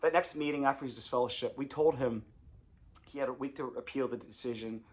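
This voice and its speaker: A man's voice: medium pitch, a little fast. A man and former congregation elder telling his story in a casual, confessional way, rambling and repeating phrases.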